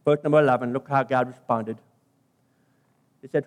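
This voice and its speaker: A man's voice: mid-range voice, fairly even intonation, moderate pace, in a large hall. A British man, a pastor, preaching a sermon, emphatic and stressing key phrases by repeating and stretching them.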